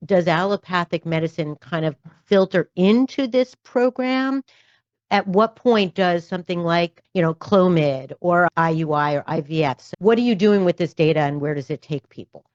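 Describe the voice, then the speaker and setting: A woman's voice: lowish voice, darkish tone, no echo, muffled recording. A woman podcast host and doctor in conversational interview, thoughtful and peppered with "you know" asides.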